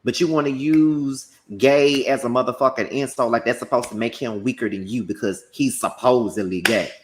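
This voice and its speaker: A man delivering a combative, profane commentary rant packed with rapid-fire rhetorical questions. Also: medium pitch, fairly even intonation. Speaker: commentary YouTuber.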